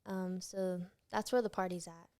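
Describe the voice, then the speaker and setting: A woman's voice: lowish voice, steady tone, moderate pace, dark tone, no room sound, studio quality. A young woman in her late teens, a guest actress, chatting casually and telling stories with lots of fillers. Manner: chatty storyteller, many fillers. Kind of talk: casual interview chat.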